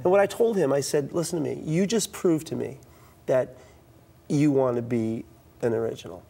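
A middle-aged East Coast man, a youth speaker, tells stories during a talk-show interview, acting out the dialogue with animation and frequently restarting his sentences. His voice is medium in pitch, gravelly and slightly rough, at a normal speed.

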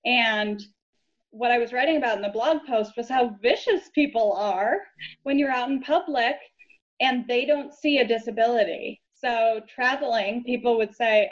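A woman guest, a lawyer, telling her story in an earnest, low-key way during a casual interview chat. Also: normal speed. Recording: dull lo-fi audio.

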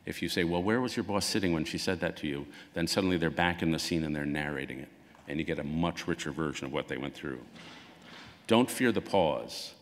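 Man giving a talk, very low voice, long reverb of a big hall, conversational, acts out dialogue. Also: brisk. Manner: conversational, acts out quoted dialogue with lively swings. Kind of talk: public lecture.

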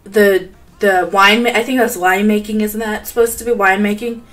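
A woman's voice: fairly even intonation, moderate pace, fairly bright tone. A young woman reacting live on a stream from her bedroom, giddy and bubbly, talking close to a desk mic. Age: young adult. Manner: giddy, bubbly, breaks into high squeals. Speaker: gaming streamer.

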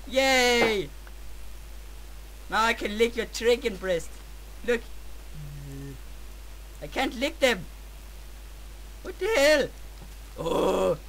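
Danish guy yelling at his game, real high and bright, drags his words out. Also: slight background noise, low-quality recording. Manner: dramatic, yelps and shouts at the game. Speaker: gameplay video host. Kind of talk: excitable gameplay commentary.

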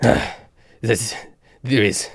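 A man voicing a frail old male nature priest with a French accent, halting and fearful. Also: lowish voice, creaky, breathy edge, no echo, clean studio sound, exaggerated voice. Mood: fanatical.

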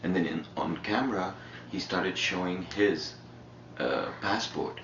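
Man, Indian English accent, very low voice, laid-back and swearing, muffled roomy house-camera audio with clear background noise. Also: measured pace, fairly bright tone. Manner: laid-back, profane, rambling. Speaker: reality show contestant. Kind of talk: casual chat. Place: indoors in a shared house.

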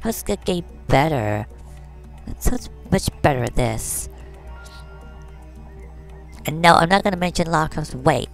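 A woman's voice: deep voice, animated, measured pace, creaky, pauses often, soft background music, heavily acted. A woman voicing a vain, catty fashion doll who talks in valley-girl slang and brags while commenting on a game. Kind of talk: comedic game commentary in character.

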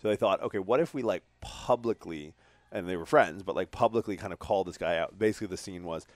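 Recorded dry, a low-pitched Canadian man talks fast on his podcast, wandering through foul-mouthed, high-energy anecdotes in a loose, chatty way.

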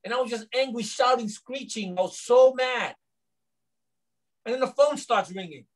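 Middle-aged pastor guy from new york, kinda high voice, preaching and acting out his own stories to a small group. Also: normal speed, rough recording. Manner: animated storyteller, acts out dialogue. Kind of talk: teaching sermon with personal testimony.

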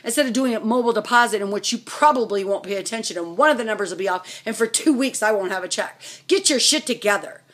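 A woman's voice: mid-range voice, animated, quick pace, few pauses, a bit bright. A middle-aged woman ranting furiously and profanely at her husband, firing off angry questions. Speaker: vlogger. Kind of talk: angry rant to camera.

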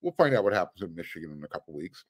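A man's voice: low voice, very animated, rapid-fire, breathy edge. A man hosting a sports podcast, talking casually with fillers, restarts and dry sarcastic asides. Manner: chatty, with fillers and frequent restarts. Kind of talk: casual commentary.

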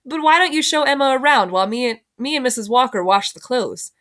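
A woman's voice: high voice, expressive, fairly quick, a bit bright, voice pushed up. A woman voicing a tired rural mother of ten who speaks in a clipped, scolding way. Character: weary rural mother of ten, sharp-tongued.

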